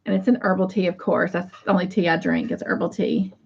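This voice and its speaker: A woman's voice: lowish voice, sing-song, fast talker, vocal fry, darkish tone, slight background noise. Bubbly lady host rambling to her live chat, laughs a lot, kinda muffled lo-fi sound. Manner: chatty and bubbly, laughs often. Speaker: crochet livestream host. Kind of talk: casual chat to live viewers.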